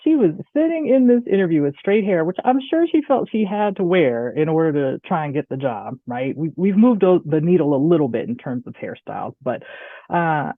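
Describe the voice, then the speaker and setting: A woman with a Southern US accent giving a chatty, animated online presentation, often checking in with "right?". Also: sits low, normal speed, dry recording. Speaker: guest speaker. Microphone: video call. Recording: tinny phone-like audio, dry.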